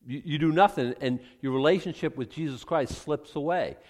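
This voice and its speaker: A man preaching a sermon as pastor, animated, swinging from hushed asides to loud exclamations. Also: fairly high pitch, normal speed, in a large hall.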